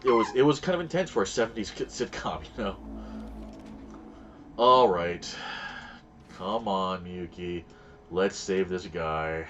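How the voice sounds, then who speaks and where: A man's voice: deep voice, unhurried, pauses often, fairly bright tone, muffled recording, a little hiss or hum. A man streaming a game and chatting casually, telling stories in a rambling way and acting out the voices of the people in them. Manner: rambling storyteller, acts out quoted voices. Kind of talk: casual chat while gaming.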